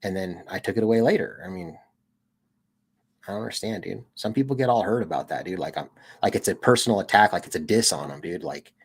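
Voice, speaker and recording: A man's voice: deep voice, fast, husky. Laid-back American guy rambling on stream. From United States. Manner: rambling, laid-back, peppered with "dude" and laughs. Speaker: streamer and channel host. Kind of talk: casual livestream chat.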